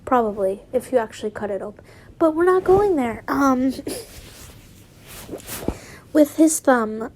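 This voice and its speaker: Woman reading fan fiction, high mellow voice, slow, giggly asides. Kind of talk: casual story reading with asides.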